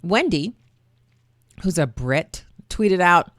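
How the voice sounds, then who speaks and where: A woman's voice: on the low side, animated, moderate pace, a bit bright, no echo, studio quality. A middle-aged woman hosting a talk radio show, chatty and sarcastic with folksy asides. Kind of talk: opinionated talk radio monologue.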